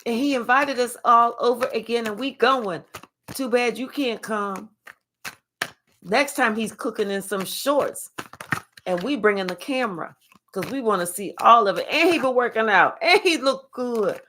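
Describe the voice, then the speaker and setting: A woman's voice: a little high, normal speed, bright, forceful tone, a little hiss or hum. A woman giving a spiritual reading as a blunt, sassy storytelling monologue full of slang. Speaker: spiritual reader.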